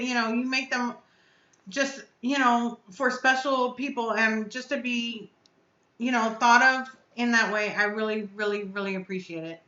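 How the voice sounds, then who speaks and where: A woman reviewing vapes runs a casual live stream, gushing as she responds aloud to viewer comments. Her voice is a little high, pushed and bright, and the reverberant recording has its highs cut off.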